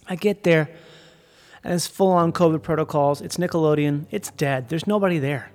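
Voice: medium pitch, normal speed, a little mellow, faint music behind. A co-host telling rambling, profane comedic anecdotes in casual chat and laughing often.

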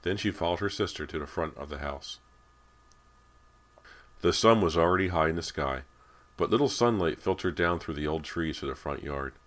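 A man with an extremely deep voice reads a horror audiobook aloud. His narration is measured and deliberate, slowing down at the tense moments and keeping an even pace.

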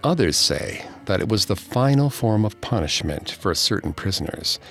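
A man giving slow, grave, hushed scripted narration of a dark true story. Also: on the low side, sing-song, vocal fry. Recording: faint music behind.

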